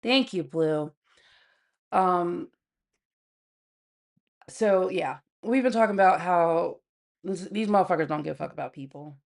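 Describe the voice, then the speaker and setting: A woman with a gravelly, somewhat low voice hosts a casual livestream from home. She talks to her viewers bluntly and with plenty of swearing. She laughs often between remarks. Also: unhurried, long pauses. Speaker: livestream host.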